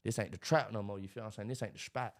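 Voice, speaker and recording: A man, talking in a casual interview about his life, animated and preachy, acting out what others say. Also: lowish voice, rapid-fire. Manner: animated, preachy storytelling with acted-out quotes. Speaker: podcast guest, motivational speaker.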